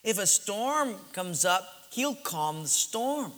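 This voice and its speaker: A male pastor preaching a sermon, telling stories dramatically and swinging between loud bursts and hushed asides, with hall reverb. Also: high-pitched, very animated, takes it slowly.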